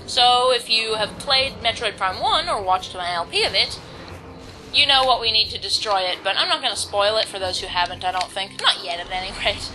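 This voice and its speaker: A woman's voice: medium pitch, normal speed, background noise. A woman casually commenting on a video game, rambling and self-deprecating as she reads the on-screen text aloud. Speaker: let's-play commentator.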